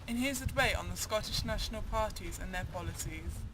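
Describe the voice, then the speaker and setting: A woman's voice: mid-range voice, brisk. A woman presenting an amateur mock news show, reading in a plain way. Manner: plain read-aloud delivery. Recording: background noise.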